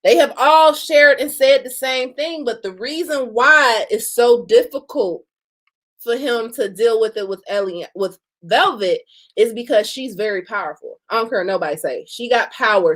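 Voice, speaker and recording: Woman host, slightly high voice, blunt and outspoken, casual reaction commentary.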